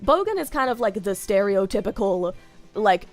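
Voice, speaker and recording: A woman's voice: medium pitch, big pitch swings, moderate pace, soft background music. A woman with an Australian accent chatting casually on a stream, giggling often and rambling off on tangents.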